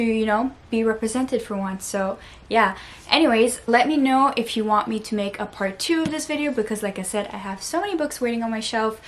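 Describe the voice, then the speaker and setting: A woman's voice: medium pitch, a little hiss or hum. A woman book vlogger in casual vlog chat, gushing and earnest, with lots of "like" fillers. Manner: chatty, gushing, peppered with "like"; earnest and openly emotional.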